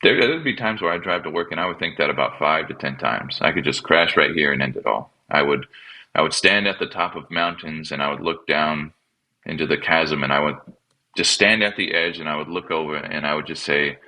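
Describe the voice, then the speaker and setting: A man, a pastor and podcast guest, telling his personal story in a halting, reflective way and often repeating words as he restarts. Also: a bass voice, bright, forceful tone, low-quality recording. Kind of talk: personal testimony in conversation.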